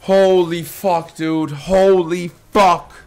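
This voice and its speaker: A young man streaming slots live to his chat, swearing constantly and bursting into screaming hype, his voice going hoarse. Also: high voice, little pitch movement, very slow. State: losing his voice. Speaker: gambling streamer. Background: faint slot game music.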